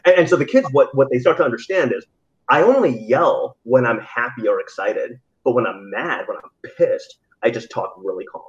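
A man's voice: medium pitch, animated, a little fast. A man who works as a teacher, chatting casually and telling rambling stories with many restarts. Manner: rambling storyteller with frequent restarts and laughs. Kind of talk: casual podcast conversation. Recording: slightly dull, lo-fi audio.

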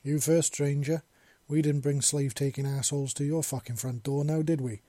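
Guy doing a blunt skeptical wasteland woman, slightly louder, dry sound. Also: on the high side, normal speed, no room sound, natural voice. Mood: angry.

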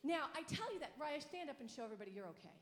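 A middle-aged woman tells a children's sermon in an animated way, stopping to ask the kids questions. Her voice sits a little high. It rings out with a long reverb in a roomy church hall. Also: rapid-fire. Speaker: children's pastor. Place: church sanctuary.

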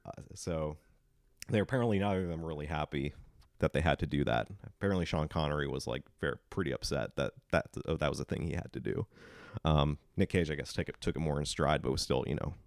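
A man co-hosting a film podcast, recapping scenes casually and bursting into loud quoted lines. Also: a bass voice, quick pace, gravelly, no room sound, studio quality. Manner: retells scenes in animated bursts, quoting lines loudly. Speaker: podcast co-host.

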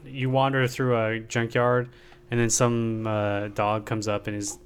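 A man's voice: mid-range voice, little pitch movement, measured pace, a little hiss or hum. A man chatting on a gaming podcast, explaining things in a matter-of-fact way. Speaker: podcast panelist. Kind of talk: casual chat.

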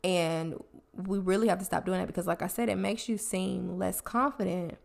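A solo podcast host gives communication advice in a casual, chatty manner, confessing some of her own habits along the way. Her voice is fairly low and gravelly, with a steady tone and moderate pace.

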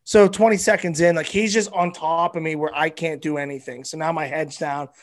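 A man's voice: fairly high pitch, fairly even intonation, a little fast. A male comedian guesting on a podcast, telling a rambling, profane story in casual chat.

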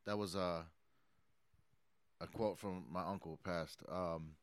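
A man's voice: low-pitched, fairly even intonation, measured pace, smooth. A man in his late thirties, a hip-hop artist giving an interview, talking casually with lots of swearing and fillers. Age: 30s. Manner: profane, emphatic, rambling motivational.

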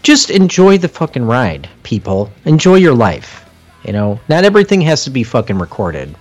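A young man co-hosting a casual podcast, joking and cursing in lively banter. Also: medium pitch, normal speed, muffled recording, soft background music. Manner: animated, profane, joking banter. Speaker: podcast co-host.

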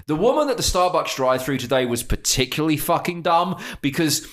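Animated English man telling stories. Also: on the high side, a little fast. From England. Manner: rambling, swearing storyteller. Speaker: podcast co-host. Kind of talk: casual chat.

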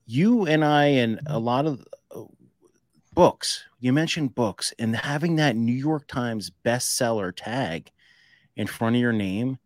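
A man's voice: medium pitch, takes it slowly, dry recording, clean studio sound. A man hosting a casual podcast interview, friendly with joking asides. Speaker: podcast host.

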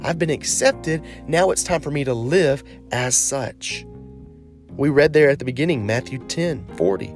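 A man preaching a sermon as a pastor, earnest and encouraging, slowing down to stress key phrases. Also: mid-range voice, lively intonation, faint music behind.

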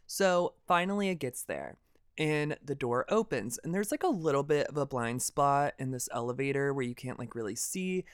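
Smooth-voiced young man telling a dramatic story. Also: medium pitch, moderate pace, no echo, clean studio sound. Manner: dramatic, animated and expressive; swears freely. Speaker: podcast host. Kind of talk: casual storytelling monologue.

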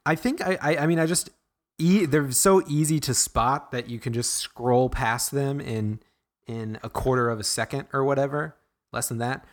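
A man's voice: mid-range voice, moderate pace. A man co-hosting a podcast, rambling in casual chat, restarting sentences often. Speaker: podcast co-host.

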